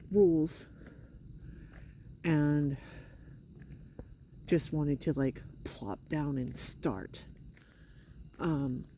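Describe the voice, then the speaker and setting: A middle-aged woman with a hoarse, sore throat, talking in a hesitant, rambling video diary with wry, matter-of-fact asides. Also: low voice, dark tone, a little hiss or hum. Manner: hesitant, rambling, many fillers. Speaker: vlogger. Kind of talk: casual personal video diary.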